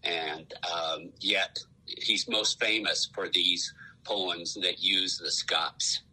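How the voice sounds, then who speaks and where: Guest, a man with a very deep, husky voice and a forceful tone, talks slowly and halts often. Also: steady tone, rough recording. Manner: slow, halting, searching for words. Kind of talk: casual chat.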